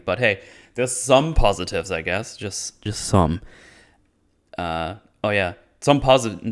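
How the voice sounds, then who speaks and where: A man's voice: deep voice, fairly bright tone, clear, resonant tone. A man hosting a casual episode recap, blunt and sarcastic, swearing and restarting his sentences. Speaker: YouTube show host.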